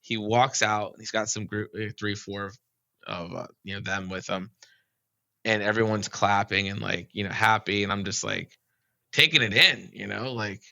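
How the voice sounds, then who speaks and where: A man's voice: lowish voice, normal speed, creaky, pushed and bright, dry recording, lo-fi sound. A man who is a podcast guest, telling a long story in a casual, rambling way, full of "like" and "you know".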